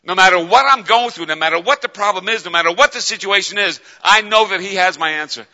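Impassioned preacher in an echoing hall. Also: male voice, sits high, fast talker. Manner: impassioned, repetitive, swings from hushed to loud cries. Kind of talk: sermon. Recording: dull sound with long reverb in a large hall.

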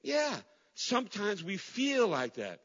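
A middle-aged male pastor preaching with fervor, his voice leaping from ringing cries down to hushed, near-whispered lines, phrases repeated for weight. The sound is a little dull and muffled, and his words trail off into a long echo from a big church hall. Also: sits high, wildly swooping pitch, slow pace. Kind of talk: sermon. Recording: dull recording in a large reverberant hall.

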